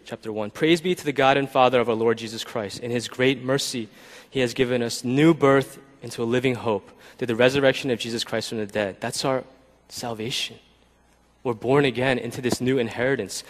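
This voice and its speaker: A man preaching to his congregation in an easy, talking-style sermon, often pausing to check in with the people listening. His voice sits at an average pitch for a man. A long reverb from the big hall trails after his words. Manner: conversational, keeps asking "right?". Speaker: pastor.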